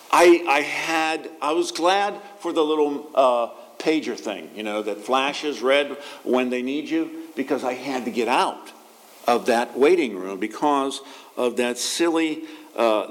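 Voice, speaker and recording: A man, a pastor, giving a conversational sermon with asides and restarts. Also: on the high side.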